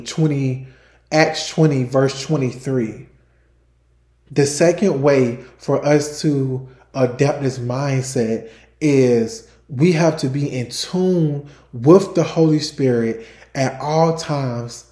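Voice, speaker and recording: A man's voice: medium pitch, slow, mellow, reverberant. A man hosting a faith podcast, preaching in an emphatic, repetitive way and restarting phrases as he builds his points. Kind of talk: sermon-style podcast talk.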